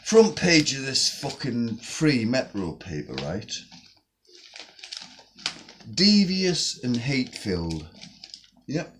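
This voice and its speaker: A man's voice: mid-range voice, very animated, slow pace, long pauses, a little hiss or hum. A man delivering a profane, sarcastic rant on his own video channel. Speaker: vlogger. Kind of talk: angry ranting vlog.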